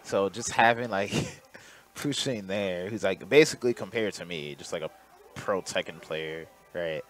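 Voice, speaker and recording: A man co-hosting a podcast in relaxed chat, laid-back and constantly saying "like". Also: deep voice, unhurried. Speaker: podcast co-host.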